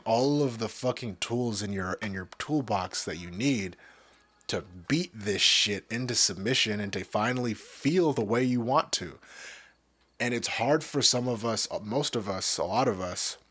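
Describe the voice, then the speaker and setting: Low-voiced man swearing through a pep talk. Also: unhurried, a bit bright, slightly rough, no echo. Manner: profane, rambling, with many restarts. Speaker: podcast host. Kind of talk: casual motivational monologue.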